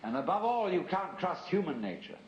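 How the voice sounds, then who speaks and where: A man delivers a philosophical lecture in a measured, reflective voice, often turning to the listener with rhetorical asides. The archival tape sounds roomy and dull. A faint hiss runs underneath. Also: high voice, very animated.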